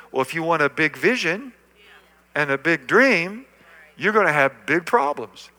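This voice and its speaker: A man's voice: fairly high pitch, animated, a little slow, pushed and bright. An older man preaching a sermon as pastor in a church, emphatic and repetitive, calling out to the congregation. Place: church sanctuary.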